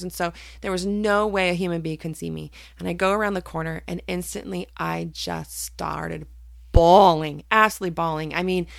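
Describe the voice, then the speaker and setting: A woman's voice: on the low side, creaky, fairly bright tone, no echo, clean studio sound. A woman hosting a personal faith podcast, talking candidly and hesitantly with many fillers and restarts. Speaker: podcast host.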